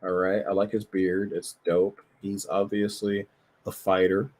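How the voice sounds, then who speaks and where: Man, lowish voice, casual streamer chat, profane, rambling, laughs a lot. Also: little pitch movement, unhurried, darkish tone. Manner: loose, profane, laughs often, rambling with filler words. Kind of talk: casual chat while browsing a tabletop game.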